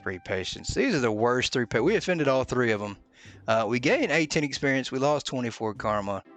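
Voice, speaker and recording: A man casually commentating as he plays a game, joking bluntly and filling pauses with "uh". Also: medium pitch, lively intonation, fairly bright tone, faint music behind. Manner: joking, mock-blunt, with many "uh"s. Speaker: gaming video host. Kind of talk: casual let's-play commentary.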